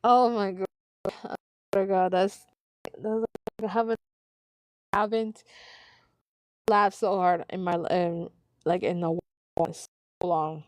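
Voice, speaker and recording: A woman's voice: on the low side, steady tone, takes it slowly, pauses often, no echo, poor audio. A woman hosting a live stream, reading online posts aloud and commenting on them between frequent fits of laughter. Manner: giggly, breaks into frequent laughter.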